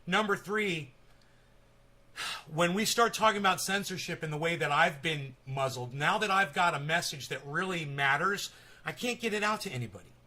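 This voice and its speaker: Chatty, bright-voiced man host. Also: fairly high pitch, moderate pace. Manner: chatty, rambling, opinionated. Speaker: live-stream host. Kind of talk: casual live-stream interview.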